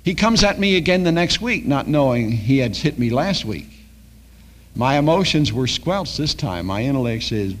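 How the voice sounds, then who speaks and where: A man's voice: mid-range voice, big pitch swings, moderate pace. An older man preaching a sermon as a pastor, telling stories and acting out the dialogue.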